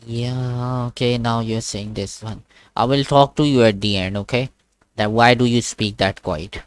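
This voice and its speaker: A man's voice: medium pitch, steady tone, measured pace, clear, resonant tone. A man teaching an online one-on-one lesson, patient and repetitive, often checking "okay?" and demonstrating sounds. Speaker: Quran teacher. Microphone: video call.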